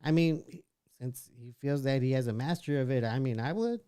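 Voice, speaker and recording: A man's voice: medium pitch, a little fast, warm tone, smooth, no room sound, clean studio sound. A man hosting a casual livestream, reading chat messages aloud and giving his opinions with frequent restarts. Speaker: livestream podcast host.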